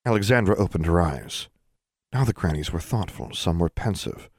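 A man narrating a story as an audiobook reader, in an expressive storytelling manner. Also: sits low, normal speed, no echo, studio quality. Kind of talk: scripted narration.

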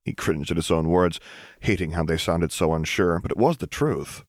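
A man narrates a story as an audiobook in a calm, measured way. His voice is deep, and the recording is close and dry with no room echo. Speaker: audiobook reader.

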